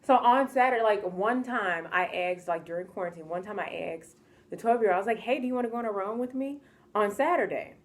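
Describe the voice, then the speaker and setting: An animated young woman from the United States tells a story in a casual vlog. She sounds exasperated and acts out the people in it in their own voices. Her voice sits at an average pitch for a woman. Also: fairly quick. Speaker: vlogger telling a story.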